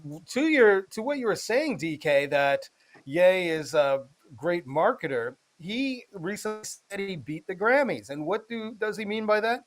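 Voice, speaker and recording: An American man co-hosts a podcast, running through celebrity news in a loose, chatty style packed with filler sounds. His voice is high and very animated, and he speaks unhurriedly.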